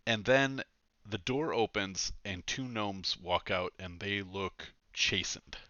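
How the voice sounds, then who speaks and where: Male GM, lowish bright voice, dry close sound, lo-fi stream, chatty with fillers. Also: steady tone, slow, no echo. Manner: descriptive, chatty, many fillers. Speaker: game master. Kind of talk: narrating a tabletop game over a stream.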